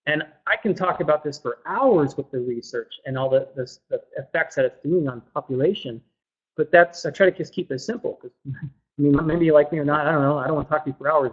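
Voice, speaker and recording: A man giving a casual webinar talk through a computer mic, chatty and loose, repeating words and filling pauses with um. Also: a little high, husky. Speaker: webinar presenter. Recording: dull lo-fi webinar audio.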